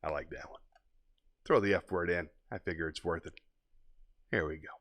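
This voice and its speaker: A man hosting a live stream, chatting casually and reading poems in a deeper, slower radio voice. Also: fairly even intonation, fairly bright tone. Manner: laid-back, chatty, reads poems in a deep radio voice. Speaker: host of a live variety stream.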